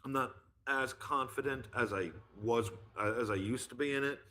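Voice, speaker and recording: A man's voice: medium pitch, normal speed, bright, forceful tone. A man chatting as a guest, rambling with many fillers as he explains his voice impressions. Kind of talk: casual chat.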